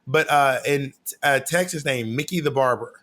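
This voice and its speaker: A man's voice: mid-range voice, normal speed, pushed and bright. A man co-hosting a podcast, chatting casually in a teasing, dramatic and gossipy way. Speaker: podcast co-host. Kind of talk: casual chat.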